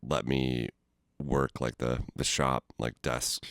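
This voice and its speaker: A man hosting an interview, telling stories in a loose, profane, animated way. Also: rumbling low, takes it slowly, gravelly, no room sound, studio quality. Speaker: interview host. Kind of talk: casual conversation.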